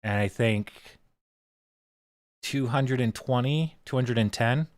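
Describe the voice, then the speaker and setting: A man hosting a casual livestream, talking in a relaxed, loose way and swearing freely into a desk microphone. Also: mid-range voice, slow, no room sound, clean studio sound. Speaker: livestream host.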